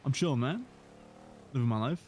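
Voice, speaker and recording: A man in a game roleplay, hoarse today, telling a rambling, aggrieved story of events. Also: mid-range voice, expressive, moderate pace, a little mellow, a little hiss or hum. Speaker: roleplay gamer.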